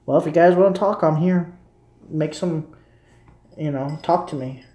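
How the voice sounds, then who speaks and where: A man's voice: a little high, normal speed, warm tone, echoey room. A man from Texas rambling to his viewers in a blunt, opinionated live-stream chat, swearing casually as he goes.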